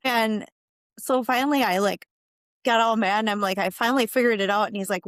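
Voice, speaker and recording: A woman's voice: medium pitch, fairly quick, no echo, clean studio sound. A woman who is a nurse, speaking as a podcast guest and telling stories casually, with laughs and acted-out reactions. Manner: chatty, laughs and acts out her own reactions. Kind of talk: casual storytelling in an interview.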